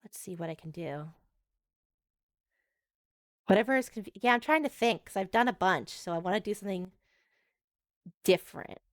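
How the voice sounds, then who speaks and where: A woman's voice: mid-range voice, animated, moderate pace, pauses often, dry recording, clean studio sound. Chatty woman streaming a game. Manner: chatty, rambling, many "like" fillers. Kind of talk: casual game-stream commentary.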